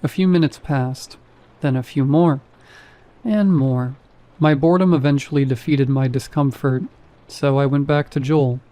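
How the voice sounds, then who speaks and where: Man narrating horror, mellow dark tone. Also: medium pitch, fairly even intonation, measured pace. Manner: wry, casual first-person storytelling. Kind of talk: scripted first-person narration.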